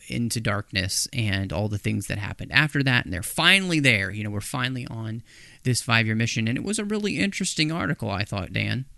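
A man co-hosts a podcast in easygoing chat, his voice bright and smooth. He talks on eagerly, cracks jokes and slips into goofy voices. The sound is dry and close. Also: fairly low pitch, no room sound. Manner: jokey, chatty, tries silly impressions. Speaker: podcast co-host. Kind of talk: casual podcast discussion.

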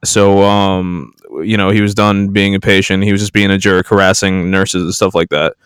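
A man's voice: low-pitched, level tone, normal speed, smooth, no echo, studio quality. A man on a podcast telling a story from work in casual chat, hesitant and joking.

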